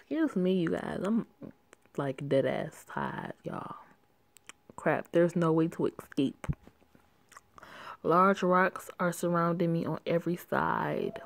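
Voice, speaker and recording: A woman's voice: fairly low pitch, a little slow, vocal fry, no echo. A young woman reading a werewolf story aloud, breaking off for sassy, laughing asides and swearing. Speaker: story reader.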